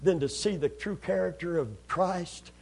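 A man preaching a sermon, acting out scenes as he goes and swinging between loud, excited bursts and hushed, low passages. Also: normal speed, gravelly, slightly rough.

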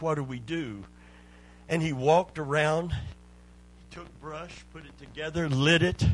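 A man preaching a sermon, telling a story slowly and building to loud, fervent shouts of praise. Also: mid-range voice. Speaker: pastor.

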